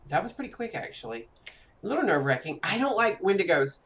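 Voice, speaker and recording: A streamer giving live gameplay commentary in a chatty way, speaking straight to viewers and reacting with animated outbursts. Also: medium pitch, fast talker, slight background noise. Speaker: game streamer.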